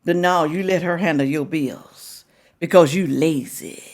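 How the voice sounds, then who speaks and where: A woman's voice: low-pitched, unhurried, very noisy. A woman hosting a reaction video who lectures and scolds, repeating her points for emphasis. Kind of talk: reaction commentary.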